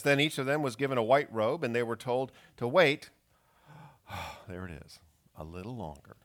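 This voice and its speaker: A man's voice: medium pitch, fairly bright tone. A man preaching a sermon, reading scripture and acting out its pleading questions with strong expression. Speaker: pastor.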